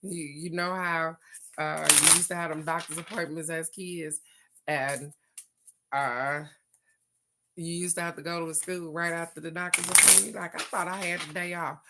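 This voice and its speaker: An older woman speaks with a gravelly, lowish voice. She talks in a folksy, chatty way as the host of a casual card-reading chat. She laughs often and leans hard on words she wants to stress. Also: very noisy.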